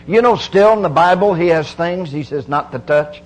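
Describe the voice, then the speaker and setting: Middle-aged male preacher, high voice, homespun and insistent sermon delivery. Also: a little fast, few pauses, soft background music, rough recording. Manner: folksy, emphatic preaching with repeated phrases.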